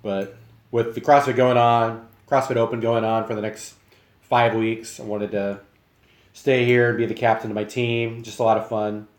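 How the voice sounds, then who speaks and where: A man's voice: medium pitch, flat delivery, moderate pace. A young man rambles on in a friendly way to his live-stream viewers. He talks with a mid-range voice, sometimes with his mouth full. The sound is echoey, as if from a bare home kitchen. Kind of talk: casual live-stream chat.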